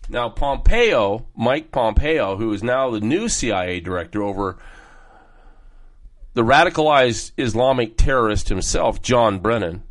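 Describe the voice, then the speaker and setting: A man's voice: mid-range voice, expressive, unhurried. A middle-aged man hosting a talk show, delivering a rambling, heated political monologue that jumps from topic to topic.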